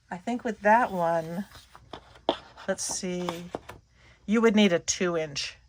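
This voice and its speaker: A woman's voice: lowish voice, slight background noise. A middle-aged woman, chatting casually as she shows scrapbook paper, gushing and trailing off mid-sentence. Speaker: scrapbooking channel host. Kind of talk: casual show-and-tell chat.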